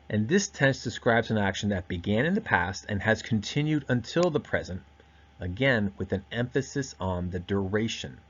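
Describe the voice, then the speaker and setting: A man giving a recorded grammar lesson, explaining step by step and slowing down to stress key words. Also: lowish voice, a bit bright, husky, highs cut off. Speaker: teacher.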